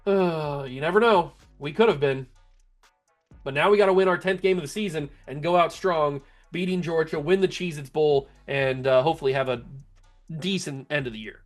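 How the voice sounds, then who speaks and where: A man with a fairly high voice talks through his video game as he plays. He is excitable, laughs often and breaks into disbelieving yells when the game glitches. Faint music plays underneath. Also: normal speed. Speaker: gaming channel host. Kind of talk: video game play-by-play commentary.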